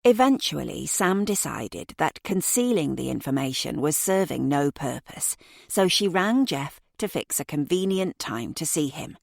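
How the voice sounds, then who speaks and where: A woman narrating a mystery audiobook in a steady, even way. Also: deep voice, unhurried, gravelly, no echo, studio quality.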